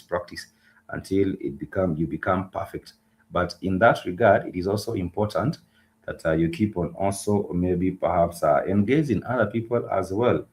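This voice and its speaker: A man teaching Swahili words in a livestreamed lesson, patient and repetitive, pausing often with filler sounds. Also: sits low.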